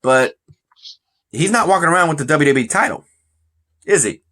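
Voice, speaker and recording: A man's voice: on the high side, lively intonation, moderate pace, bright, forceful tone. Male podcast host, casual, rambling, joking, stumbles over words. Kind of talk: casual chat.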